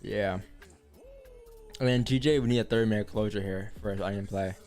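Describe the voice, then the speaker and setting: A man's voice: on the low side, a little fast, a little mellow, faint music behind. A man hosting a live trading stream, casually thinking aloud over the charts with some fillers. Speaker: forex trading stream host.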